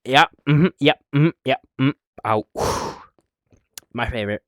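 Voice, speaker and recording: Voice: medium pitch, slow pace, dry recording, clean studio sound. A young adult streamer chatting casually while playing a VR game, rambling, swearing and answering chat, a bit out of breath.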